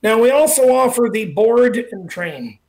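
A middle-aged man hosting a radio show, chatty and relaxed, slowly repeating numbers with plenty of fillers. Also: very high-pitched. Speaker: radio talk show host and dog trainer. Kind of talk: casual radio talk and promotion.

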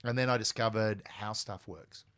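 A man in his forties with an Australian accent, telling animated stories as a podcast guest. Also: on the low side, moderate pace. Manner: animated, acts out quoted voices. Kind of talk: casual storytelling.

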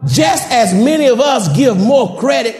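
A man preaching with a very high voice that swoops up and down, calling out to his congregation and breaking into shouts. The sound rings around an echoey church sanctuary. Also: expressive, a little slow. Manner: fervent, calls out to the congregation, rising to shouts. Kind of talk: sermon.

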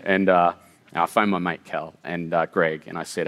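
A man's voice: low-pitched, little pitch movement, normal speed, a bit bright. A middle-aged man telling an emotional personal story, earnest and tumbling, with many fillers and restarts. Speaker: guest storyteller.

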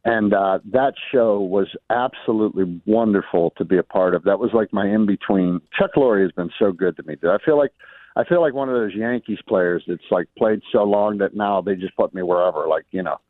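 A man guesting on a radio show, chatting in an animated way, laughing and saying "dude" often. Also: on the low side, fairly quick, dry recording. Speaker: radio guest, comic actor. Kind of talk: casual radio interview. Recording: phone-line guest audio.

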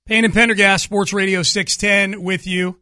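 A man hosting a sports radio show, upbeat and storytelling, slowing down on key words. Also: high-pitched, flat delivery, sharp tone, dry recording, studio quality. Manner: upbeat, storytelling, slows for emphasis. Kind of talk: casual sports radio talk. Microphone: studio microphone.

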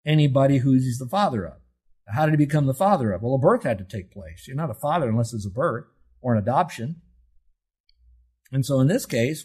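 A man's voice: medium pitch, a little mellow, slightly rough. A man in his seventies preaching a sermon, teaching in an emphatic way with rhetorical questions and telling listeners to circle and underline words. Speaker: pastor.

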